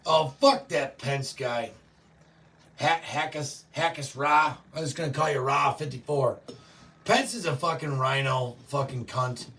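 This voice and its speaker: A man hosting a show, ranting profanely and yelling often, reacting to live chat. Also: medium pitch, a little slow, recorded from a distance, slight background noise. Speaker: show host. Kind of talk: political rant to live chat.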